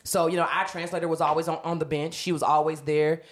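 Woman comedian guest, husky, animated storyteller, casual and profane. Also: deep voice, quick pace. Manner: animated, laughing, swears freely.

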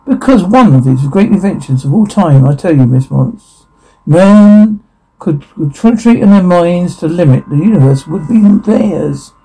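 A man's voice: sits high, lively intonation, measured pace, warm tone, breathy edge, exaggerated voice, poor audio. A man voicing an intense young male teacher who is obsessed with the power of the mind, reading a radio play in an insistent, lecturing way.

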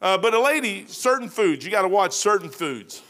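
Bright-voiced preacher in his sixties. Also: high-pitched, very animated, moderate pace. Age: 60s. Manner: folksy, rambling, joking asides. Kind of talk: informal sermon.

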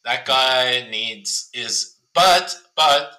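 Sa guy cohosting a podcast, crude banter, says bro a lot, really bright sharp voice. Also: mid-range voice, very slow, rough recording. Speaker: podcast co-host. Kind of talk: casual chat.

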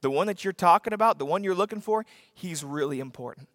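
A man preaching a sermon as a pastor, telling a story with lively acted-out voices and sudden shouts for emphasis. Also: sits high, fast, no echo, studio quality, long reverb tail.

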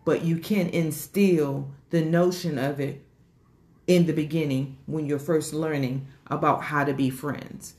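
A woman, sharing a rambling, emotional personal story about starting her organization, with many fillers and repeated words. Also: unhurried. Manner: grows animated and higher when excited.

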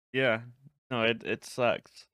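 A man's voice: mid-range voice, no echo. A man hosting a podcast in casual chat, laid-back and teasing his co-host, laughing easily.

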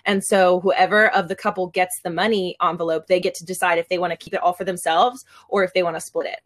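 A woman's voice: fairly low pitch, steady tone, quick pace. A young woman in her twenties co-hosting a podcast. She chats casually and pads her sentences with "like". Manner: chatty, fills talk with "like". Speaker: podcast co-host. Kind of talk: casual chat.

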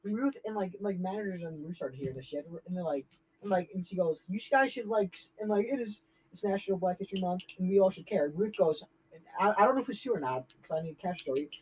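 A man telling a story in a casual chat among friends, with animated retelling and lots of filler words. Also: sits high, fast talker, a little hiss or hum, low-quality recording. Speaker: podcast co-host.

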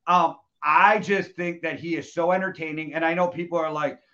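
Higher-pitched man, lo-fi sound. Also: fairly even intonation, moderate pace, fairly bright tone. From United States. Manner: loose, joking, swears freely. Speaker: podcast host. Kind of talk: casual chat. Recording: dull lo-fi sound.

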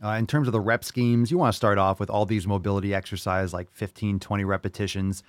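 A man hosting a fitness podcast, talking casually in a brash, jokey way, swearing freely with bursts of loud enthusiasm. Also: lowish voice, steady tone, fast, dry recording, studio quality. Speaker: podcast host answering listener questions.

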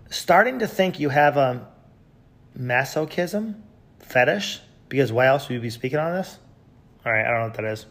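A man hosting a podcast, reading out tweets with sarcastic, mocking commentary and sudden loud yells. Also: a little high, sing-song, normal speed, pauses often. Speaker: podcast host.

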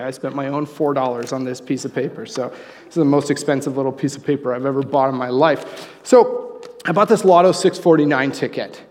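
A man preaching a sermon, conversational and joking, with animated asides. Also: fairly high pitch, in a large hall. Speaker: pastor. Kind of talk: sermon with humorous story.

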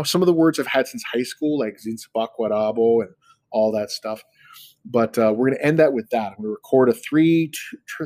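Relaxed, chatty male podcast host. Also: mid-range voice, no echo. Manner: relaxed, chatty, self-deprecating. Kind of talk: casual storytelling talk.

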